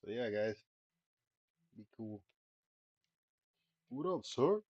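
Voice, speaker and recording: A man's voice: medium pitch, animated, slow pace, darkish tone, breathy edge, no room sound. Laid-back profane man streaming a game. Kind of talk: casual live gameplay commentary. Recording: dull lo-fi stream mic.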